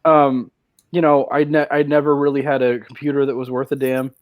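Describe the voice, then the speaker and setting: A man from Washington State, a freelance writer, telling stories in a relaxed way on a casual podcast. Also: medium pitch, fairly quick, dry recording. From Washington State, USA.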